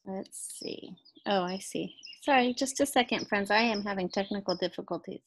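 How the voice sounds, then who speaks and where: A woman teacher giving a recorded phonics lesson to second graders, speaking slowly and clearly and pausing for imagined answers. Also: mid-range voice, slight background noise, poor audio. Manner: slow, clearly enunciated teacher talk with pauses for imagined answers.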